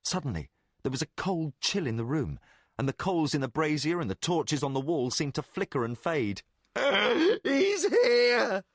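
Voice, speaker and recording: A man narrating a fantasy audiobook in deliberate, expressive storytelling. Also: mid-range voice, no room sound, studio quality. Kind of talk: scripted narration.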